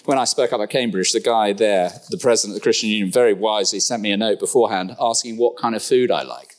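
A middle-aged man preaching a sermon, conversational and lively, with rhetorical questions and humorous asides. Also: lowish voice, fast talker. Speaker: pastor.

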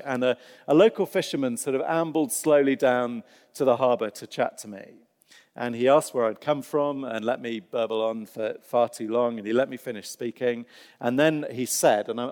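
A man delivers a sermon in a mid-range voice, moving between vivid storytelling and wry asides. His words ring out with a long reverb, as in a large church hall. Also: medium pitch. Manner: storytelling, animated, self-deprecating humor. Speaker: preacher.

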